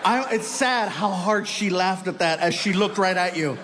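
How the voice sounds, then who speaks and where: A man doing live stand-up storytelling, animated, often shouting and laughing at his own lines. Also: high-pitched, normal speed. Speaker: stand-up comedian. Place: comedy stage before an audience. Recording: live show with audience noise.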